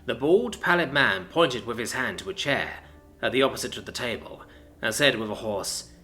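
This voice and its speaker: A man reading a story aloud in a dramatic, expressive narration. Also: mid-range voice, normal speed, faint music behind.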